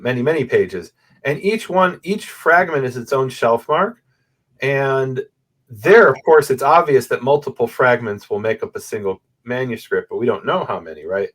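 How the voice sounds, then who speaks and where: A man's voice: medium pitch, a little slow. A man explaining his research as a guest scholar in a conversation, speaking over a video call and often checking in with "right?". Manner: animated, explains step by step with frequent "right?" checks. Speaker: guest, Bible manuscript scholar. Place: room with a bookshelf photo backdrop.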